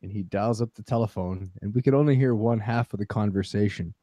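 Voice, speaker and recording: Male podcast co-host, lively storyteller, dry close sound. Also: lowish voice, brisk, dry recording. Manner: animated storyteller, playful exaggeration. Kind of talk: casual chat.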